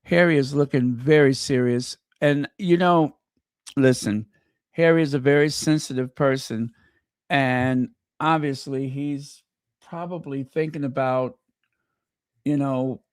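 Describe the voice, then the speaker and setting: Excitable gushing man, slow and dry. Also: mid-range voice, clean tone, no echo. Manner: excitable, gushing, talks to viewers. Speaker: channel host. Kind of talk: live stream chat.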